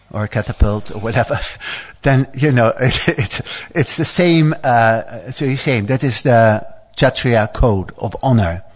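A man leading a scripture class who reads the story aloud and breaks into chatty, stammering asides, with many fillers and playful teasing of his listeners. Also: fairly low pitch. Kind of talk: scripture reading with commentary.

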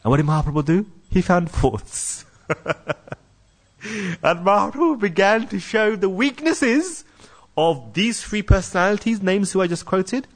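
A man giving a scripture class, telling a story in an animated way and repeating key phrases for emphasis. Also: high-pitched. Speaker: religious lecturer.

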